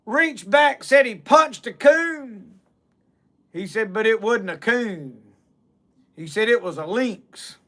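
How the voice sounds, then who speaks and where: A man's voice: high-pitched, animated, slow pace, fairly bright tone. A man with a Southern US accent telling a folksy comic tall tale in a drawl, starting almost every clause with "said". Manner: drawling, repeats "said" constantly. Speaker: storyteller.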